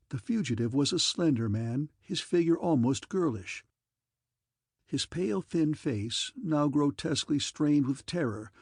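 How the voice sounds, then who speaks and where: A man reads an audiobook in measured, dramatic narration. His voice has a gravelly fry and a husky grain. The recording is close and dry. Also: mid-range voice, darkish tone, dry recording. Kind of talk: scripted narration.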